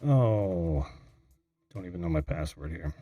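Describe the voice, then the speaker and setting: A middle-aged man hosting a live call-in show, chatting and reading viewer comments, easily flustered and quick to laugh. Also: low voice, lively intonation, dry recording, highs cut off, soft background music.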